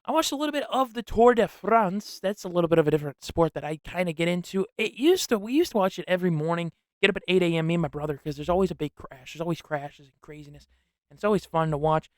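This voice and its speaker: A young man hosting a casual solo sports podcast, rambling and excitable with lots of slang. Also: sits high, fast, no echo, studio quality. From upstate New York. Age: young adult.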